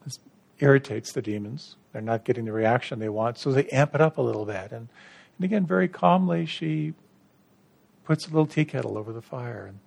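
A middle-aged man giving a gentle, reflective dharma talk to retreat participants, unhurried, with soft restarts. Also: medium pitch, creaky. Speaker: meditation retreat teacher.

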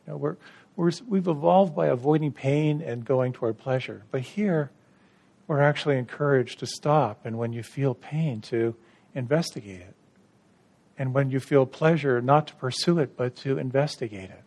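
A middle-aged man giving a gentle, reflective dharma talk to retreat participants, unhurried, with soft restarts. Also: mid-range voice, creaky. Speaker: meditation retreat teacher.

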